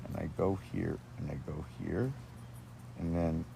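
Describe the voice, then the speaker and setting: Man on his own video, rambling, free-associating, voice on the low side. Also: fairly even intonation, measured pace, vocal fry, background noise. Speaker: video maker. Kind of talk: rambling monologue. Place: outdoors with dogs.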